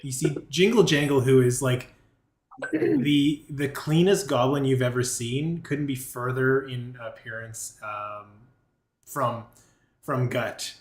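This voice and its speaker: A man narrating a tabletop game as game master, halting and restarting his lines. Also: mid-range voice. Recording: roomy echo.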